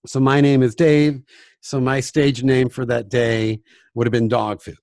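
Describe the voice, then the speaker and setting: Man, music teacher, gravelly voice, dry close sound, casual instructional talk. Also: medium pitch, little pitch movement, a little slow, no room sound. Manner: chatty and self-deprecating, often demonstrating by dropping to a hushed voice. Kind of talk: casual instructional talk with acted classroom examples.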